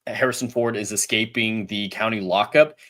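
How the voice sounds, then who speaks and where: Calm analytical man discussing film. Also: lowish voice, moderate pace. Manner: calm, analytical, finishes others' thoughts. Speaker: podcast co-host.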